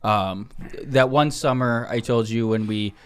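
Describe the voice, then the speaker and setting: A man co-hosting a casual podcast chat, telling a story in halting bursts full of "uh" and "um". His voice sits at an ordinary middle pitch. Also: noisy background. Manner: halting, many "uh" and "um" fillers. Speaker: podcast co-host.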